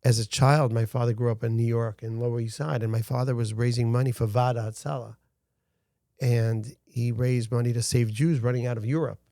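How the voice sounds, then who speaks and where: Middle-aged male guest, gravelly, earnest storyteller, dry close sound. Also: medium pitch, fairly even intonation, a little fast, mellow, no echo. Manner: earnest storytelling, frequent restarts. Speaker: guest, founder of a rescue organization. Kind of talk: casual interview talk.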